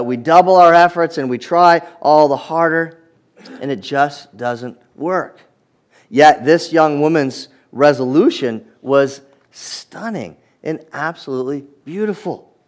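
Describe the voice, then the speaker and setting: A man preaching a sermon, reading scripture aloud and reflecting on it in an earnest manner, often repeating words as he restarts. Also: a little high.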